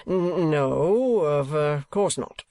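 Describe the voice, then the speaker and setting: A man voicing a pompous, penny-pinching older male rate collector, slow and fussy in his talk. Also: on the high side, steady tone, no echo, studio quality, lightly acted. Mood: anxious.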